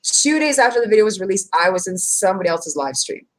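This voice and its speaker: Fast-talking woman hosting a livestream. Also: mid-range voice, low-quality recording. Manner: emphatic, animated, talks over her guest. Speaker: livestream host. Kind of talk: casual livestream chat.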